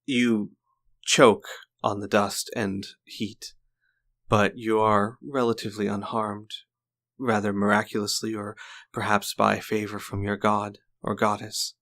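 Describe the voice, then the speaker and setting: Slow, low-voiced male game master. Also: little pitch movement, fairly bright tone. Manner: slow, deliberate storytelling with pauses. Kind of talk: narrating a tabletop game.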